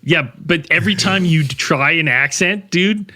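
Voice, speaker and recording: Man, podcast co-host, bright forceful tone, slightly high voice, excitable banter. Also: a little slow. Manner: excitable, laughing, swearing banter. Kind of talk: casual chat.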